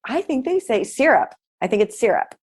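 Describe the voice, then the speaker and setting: A woman from Pennsylvania, a podcast guest, chatting in a lively, informative way. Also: a little high, fairly quick, husky. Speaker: podcast guest, nutritional therapy practitioner. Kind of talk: casual podcast chat.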